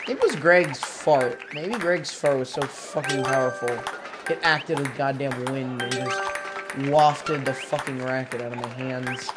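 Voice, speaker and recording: A young man giving casual gameplay commentary, exasperated and swearing a lot as he groans and laughs at his misses. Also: medium pitch. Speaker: gaming video creator. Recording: game music playing loudly under the voice. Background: game music.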